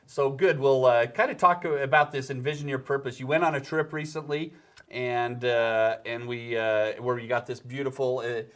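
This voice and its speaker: A man's voice: mid-range voice, steady tone, normal speed. Encouraging male business show host. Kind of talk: interview chat.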